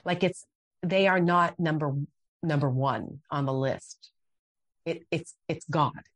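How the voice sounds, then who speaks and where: A woman's voice: deep voice, takes it slowly, fairly bright tone, no room sound. A middle-aged woman talking as a podcast guest, earnest and heartfelt, often restarting her sentences. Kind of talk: conversational interview.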